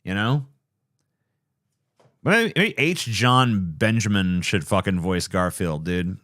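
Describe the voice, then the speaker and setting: Guy chatting on a late night stream, kinda low voice, rambly and swears a lot, puts himself down. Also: animated, slow, a bit bright. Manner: rambling, profane, self-deprecating. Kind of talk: casual late-night livestream chat.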